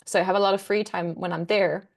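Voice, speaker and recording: A woman's voice: medium pitch, fairly even intonation, fast, vocal fry. A young woman, a book content creator, chatting as a guest in a casual interview, rambling enthusiastically with lots of fillers.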